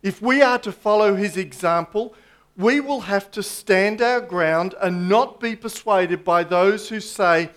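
Slow, high-voiced male preacher. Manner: slow, emphatic preaching with dramatic pauses and drops to a hush. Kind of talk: sermon.

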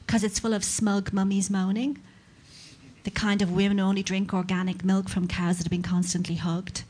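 A woman's voice: mid-range voice, little pitch movement, normal speed, darkish tone, slight background noise. A woman performing a stand-up comedy set, sardonic and mock-outraged, building into rants.

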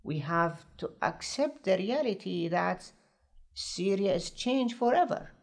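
A male political commentator in a news discussion, earnest and halting as he searches for words. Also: sits high, big pitch swings.

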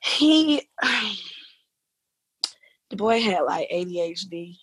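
Teacher lady telling a story in a chill interview, kinda husky, super animated, laughs a lot. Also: fairly low pitch, slow pace, no room sound. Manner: animated, laughs often, informal slang.

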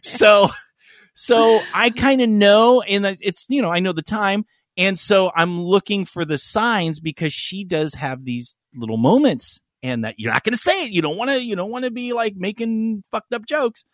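A man's voice: high-pitched, animated, moderate pace, fairly bright tone, dry recording, clean studio sound. A middle-aged man, a podcast co-host, telling rambling, crude stories in casual chat with frequent laughs.

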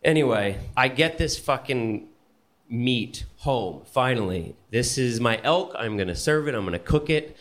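A man with a middle-pitched voice tells a personal story to a live audience. His delivery is animated and full of swearing, and he keeps breaking into laughter. The pitch swings high as the story heats up. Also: unhurried. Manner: animated, profane, laughs through his telling.

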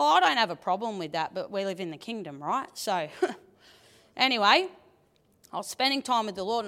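Chatty woman telling a story. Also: medium pitch. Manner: chatty, animated storytelling with laughs. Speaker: church member sharing testimony. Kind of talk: testimony from the stage. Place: large church auditorium. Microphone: handheld microphone. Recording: long church hall reverb.

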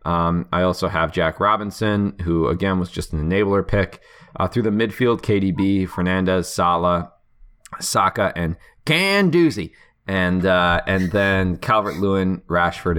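Deep-voiced man rambling on a podcast. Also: fairly bright tone. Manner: rambling, teasing, lots of fillers and restarts. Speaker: podcast co-host. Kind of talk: casual podcast chat about fantasy football.

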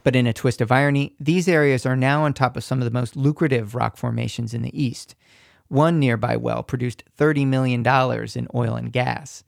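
A man reporting a radio news feature in a measured, scripted narration, recorded at a studio mic. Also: medium pitch, fairly even intonation, gravelly, dry recording.

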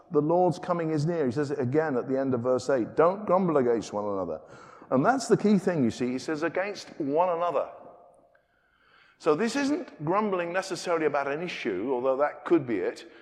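A British man preaching a sermon in a conversational way, moving between loud emphasis and quiet asides. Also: on the high side. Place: church. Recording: long reverb of a church hall.

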